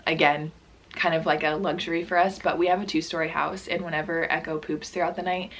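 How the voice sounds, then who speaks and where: A young woman with a hoarse, dry throat chatting casually to camera at home about baby gear, keeping her voice down. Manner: chatty, apologetic, lowers voice to stay quiet. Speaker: parenting vlogger. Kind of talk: casual vlog talk to camera. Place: at home indoors.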